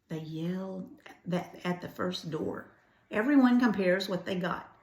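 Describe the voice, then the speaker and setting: An older woman reading a children's storybook aloud, gentle and adding chatty asides. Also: on the low side, unhurried. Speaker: grandparent storyteller. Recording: roomy echo.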